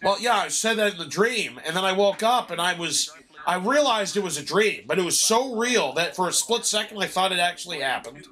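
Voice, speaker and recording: A man talks with a friend in a loose, casual way while he plays a video game. His voice sits high and sounds sharp and bright. He tells his story with animated energy and curses freely. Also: fairly quick. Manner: animated storytelling, heavy swearing. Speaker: gamer chatting while playing. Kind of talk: casual chat.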